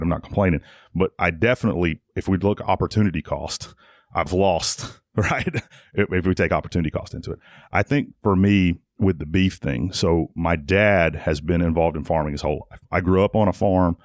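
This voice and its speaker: Deep-voiced man telling stories. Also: dry recording, studio quality. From Tennessee. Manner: rambling, frequent restarts and "like" fillers. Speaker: guest, jiu-jitsu academy owner. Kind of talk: casual conversational storytelling.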